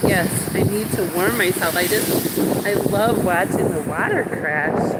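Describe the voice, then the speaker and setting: Slow-talking shivering woman in the wind. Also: on the low side. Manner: chatty, gushing exclamations. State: shivering from cold. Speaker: vlogger. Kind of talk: casual live-stream chat. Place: windy lakeshore outdoors. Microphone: phone camera. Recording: loud wind noise on phone mic.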